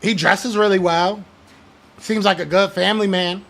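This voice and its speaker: A young man with a high, fairly bright voice hosts a podcast, speaking at a moderate pace with fairly even intonation. He launches into a heated rant about his sports team in blunt slang, hitting points with fired-up emphasis, and reads out comments from the live chat.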